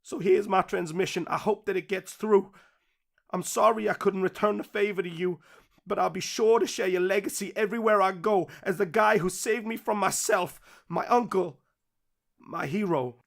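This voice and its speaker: A man's voice: high-pitched, normal speed, gravelly, voice pushed up. A man rapping a cappella in a put-on American accent, rhythmic and earnest, recorded on a USB microphone. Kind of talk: a cappella rap.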